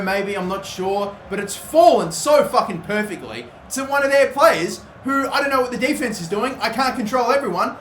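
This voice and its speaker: A young man giving live commentary over a football video game, swearing freely and shouting at big moments. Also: sits high, reverberant, slight background noise. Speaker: gaming commentator.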